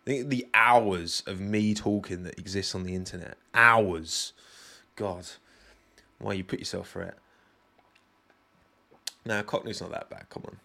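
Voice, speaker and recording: A young man with a British accent, speaking in a somewhat low voice. He talks loosely and chattily on his own podcast, turning often to his listeners and poking fun at himself. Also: unhurried, creaky, long pauses, sharp tone. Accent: British English. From Britain. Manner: chatty, rambling, self-deprecating, addresses the audience directly. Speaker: podcast host. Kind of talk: casual solo chat with live chat.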